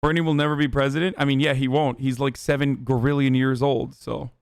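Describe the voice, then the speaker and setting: This livestream host delivers a ranting political commentary stream full of heat, sarcasm and swearing. His mid-range voice is flat, brisk and creaky yet smooth, captured in a dry, studio-quality recording.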